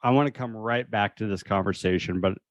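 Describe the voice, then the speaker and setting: A man's voice: fairly low pitch, brisk, no echo, lo-fi sound. A young man co-hosting a podcast, chatting casually about a movie, laughing often and making wry remarks. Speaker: podcast co-host. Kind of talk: casual movie review chat.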